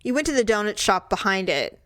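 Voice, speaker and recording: A woman co-hosting a podcast in casual chat, chatty and quick to laugh. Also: mid-range voice, big pitch swings, fairly bright tone, dry recording, studio quality. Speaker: podcast co-host.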